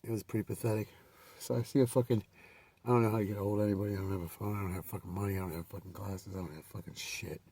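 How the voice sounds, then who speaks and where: Gravelly low-voiced guy rambling through a wild story, swearing a lot, sounds a bit far from the mic. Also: steady tone, very fast, dark tone, no room sound. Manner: rambling, profane, many fillers and restarts. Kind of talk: casual personal storytelling.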